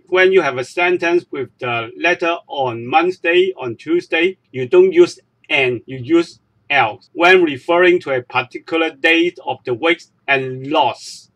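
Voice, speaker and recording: Man, slow teacher, fairly high voice, repeats words one at a time. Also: a bit bright, rough recording. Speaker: language teacher. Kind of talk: slow step-by-step language lesson.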